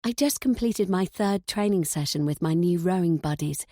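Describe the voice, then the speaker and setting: Female audiobook narrator, mellow tone, dry close read, tense first-person delivery. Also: fairly low pitch, normal speed, no room sound.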